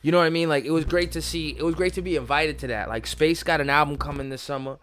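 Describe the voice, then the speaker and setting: A man co-hosting a casual podcast, telling stories loudly with frequent laughing outbursts. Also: on the high side, fast talker, clear, resonant tone, no room sound. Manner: loud, laughing, animated storytelling with shouted outbursts. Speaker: podcast co-host. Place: studio room.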